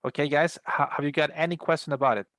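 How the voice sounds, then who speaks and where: A man's voice: a little high, steady tone, quick pace, fairly bright tone, no room sound. A man giving an English class over a video call, explaining patiently with many fillers and restarts. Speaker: English teacher. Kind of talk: online class instructions.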